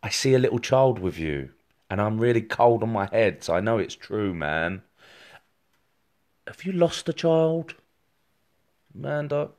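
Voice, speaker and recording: A man's voice: lowish voice, very animated, measured pace, long pauses, a little mellow. A man giving a rambling live-streamed psychic reading, talking straight to viewers with many fillers and restarts. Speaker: psychic medium.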